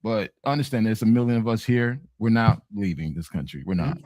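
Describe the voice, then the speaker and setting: A man's voice: on the low side, expressive, brisk, darkish tone, no room sound. A man in his forties with a South Florida accent, arguing in a laid-back way and often saying "man". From Miami. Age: 40s. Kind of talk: casual debate.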